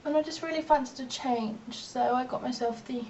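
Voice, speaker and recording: A woman's voice: normal speed, a little mellow. A young woman vlogging in a rambling, chatty, self-mocking way while doing her makeup at home. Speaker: beauty vlogger. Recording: distant, dull lo-fi mic with faint rumble.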